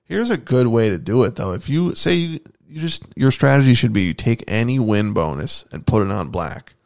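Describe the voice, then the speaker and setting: A man's voice: mid-range voice, expressive, normal speed, vocal fry, a little mellow. A man co-hosting a casual podcast, joking and riffing with plenty of swearing. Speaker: podcast co-host.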